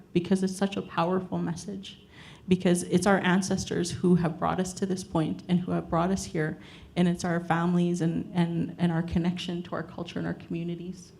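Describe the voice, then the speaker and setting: A woman panelist sharing a personal family story at a public event, earnest and halting with many fillers. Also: lowish voice, creaky, darkish tone. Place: event hall with audience.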